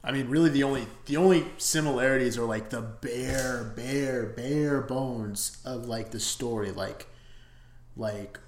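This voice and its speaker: A man's voice: medium pitch, measured pace, roomy sound. A man giving a casual, rambling and profane movie review, full of enthusiasm.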